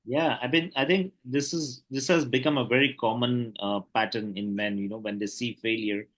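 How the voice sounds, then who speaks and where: Bright-voiced man hosting a podcast. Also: mid-range voice, steady tone, low-quality recording. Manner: measured, asks long questions with many fillers. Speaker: podcast host. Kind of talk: casual podcast interview.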